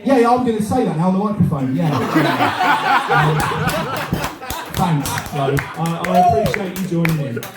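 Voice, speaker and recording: A man's voice: a little high, moderate pace, loud music behind the voice, over a noisy crowd. A man doing a crude, rambling stand-up set, performing live in a cafe bar. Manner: crude, rambling, animated, swears a lot. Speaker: stand-up comedian. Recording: echoey room, mic heard from far.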